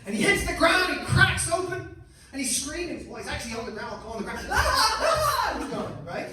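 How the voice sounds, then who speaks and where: Man in his 30s, stand-up comedian, lively swooping delivery, echoey club, far-off mic, loud crowd noise. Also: extremely high pitch, brisk, over music. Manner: animated storytelling, bursts into shrieking character voices.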